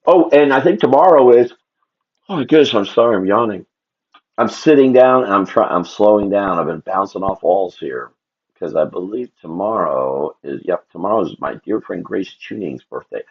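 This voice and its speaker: Drawing on stream, a man casually rambles to himself and his viewers in a low, husky voice touched with vocal fry. The audio is dull and lo-fi.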